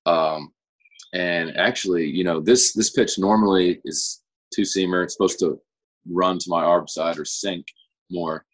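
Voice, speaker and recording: Young guy on a podcast, low husky voice, laid back, rambles a bit. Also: steady tone, measured pace, rough recording. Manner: easygoing, rambling explanations. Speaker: guest pitcher. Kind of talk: casual interview chat.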